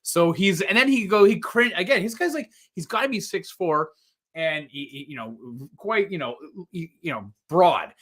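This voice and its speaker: A middle-aged man chats casually on a live podcast show. His voice is bright and a touch high, and he tells stories with animated, acted-out dialogue. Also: normal speed. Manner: animated storyteller acting out quotes. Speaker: podcast co-host. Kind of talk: casual chat.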